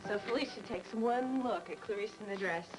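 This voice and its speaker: Brief: actress as an amused, chatty soap coworker, mid-pitched, score under. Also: female voice, a little fast, music in the background, close to an everyday voice, rough recording. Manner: gossipy, amused. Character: chatty, gossiping colleague. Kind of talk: 1980s TV soap opera acting.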